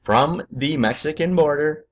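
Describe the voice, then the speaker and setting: A man's voice: a little high, unhurried, highs cut off. A man hosting a political video, ranting angrily and rambling with heavy profanity.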